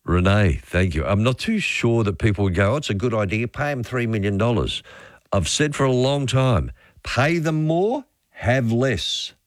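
A man with an Australian accent hosting overnight talkback radio, chatty and relaxed as he reads out listener texts. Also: medium pitch, moderate pace, no echo, studio quality. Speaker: radio host.

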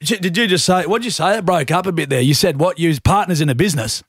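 A man's voice: a little high, quick pace, fairly bright tone, husky, dry recording, voice pushed up. Man doing a broad bush stock agent, blokey drawl, dry studio. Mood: mock stern. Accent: broad rural Australian. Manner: laid-back, drawling country talk. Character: blokey rural stock agent on a prank call.

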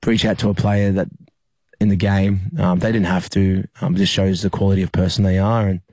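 A young Australian man speaks in a very low, dark voice. He keeps a flat, even delivery and often stops to restart his sentences with fillers. The sound is dry and close. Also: no room sound. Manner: halting, many fillers and restarts. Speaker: rugby league player. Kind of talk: emotional interview recollection.

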